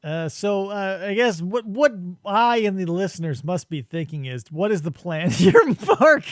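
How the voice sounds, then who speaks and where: A man's voice: high-pitched, lively intonation, moderate pace, dry recording, studio quality. A man hosting a live show in casual, joking chat, laughing often. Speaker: podcast host.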